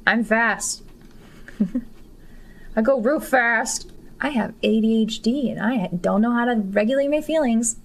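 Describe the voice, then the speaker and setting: Young woman streamer, slightly high voice, giggly, crude, excitable. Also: slow, pauses often. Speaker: game streamer. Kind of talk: casual gameplay commentary.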